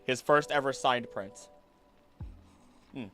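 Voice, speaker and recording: A young man chatting casually on a stream, rambling and excitable, jumping between topics and often restarting his sentences. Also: medium pitch, takes it slowly, faint music behind. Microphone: desk mic.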